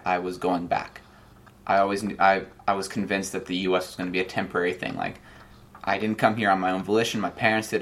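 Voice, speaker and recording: A man's voice: deep voice, fairly bright tone. A young man from Nigeria and Ohio, a guest telling his story in a casual interview and acting out quoted lines.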